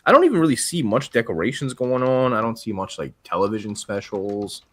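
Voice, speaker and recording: A man's voice: fairly low pitch, big pitch swings, a little fast, a bit bright, no room sound. A hungover man co-hosting a podcast, candid and meandering in casual chat. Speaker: podcast co-host.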